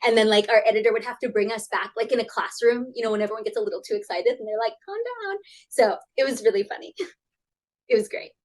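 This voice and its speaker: A woman in her thirties, a guest author chatting in an interview over a video call, animated and acting out quoted voices. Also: quick pace, poor audio. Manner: animated, acts out quoted voices with big pitch jumps. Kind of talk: casual interview chat.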